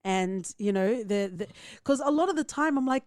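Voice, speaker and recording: A woman co-hosting a podcast in casual chat, joking in a playful, crude and animated way. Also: medium pitch, fairly quick, hardly any pauses, no room sound, clean studio sound. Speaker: podcast co-host.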